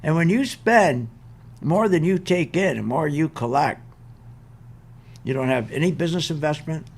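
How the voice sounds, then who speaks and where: A man's voice: fairly high pitch, animated, moderate pace. An older man hosting an investment show, ranting in an exasperated, emphatic way and hammering his points with repetition. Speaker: show host. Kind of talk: animated market commentary rant.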